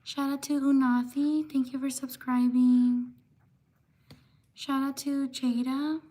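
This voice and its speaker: Woman streamer, high voice, flat even delivery, reading chat names aloud one by one. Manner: slow, steady shout-outs, apologizing for mispronouncing names. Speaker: livestream host. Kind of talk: livestream shout-outs to chat.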